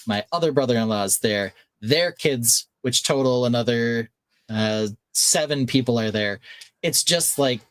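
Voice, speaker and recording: A male podcast co-host with a medium-pitched voice tells a vacation story on a casual show, animatedly acting out the quotes. The recording is dry.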